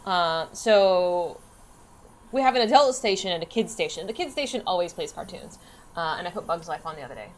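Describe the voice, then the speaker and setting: A woman's voice: fairly low pitch, animated, brisk. A woman streamer chatting casually and swearing freely while she plays a game. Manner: bubbly, giggly, swears freely. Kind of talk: casual gaming livestream chat.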